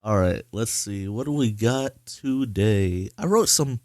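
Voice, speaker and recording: A man's voice: on the low side, animated, unhurried, darkish tone, no echo, studio quality. Blunt, profane young man hosting a podcast. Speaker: podcast host. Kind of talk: casual chat.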